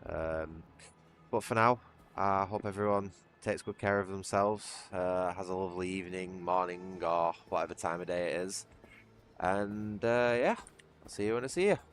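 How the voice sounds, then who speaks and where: A British man chatting casually to his livestream audience while playing. His voice is very low, and he rambles with restarts and chuckles. Faint music plays behind him. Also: moderate pace. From Britain. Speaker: streamer. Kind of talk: casual gaming livestream chat.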